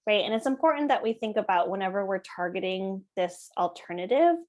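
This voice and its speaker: A woman teaching parents in a calm, conversational way, often checking in with the listener. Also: mid-range voice, a little fast. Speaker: parenting educator. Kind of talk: explanatory talk to parents.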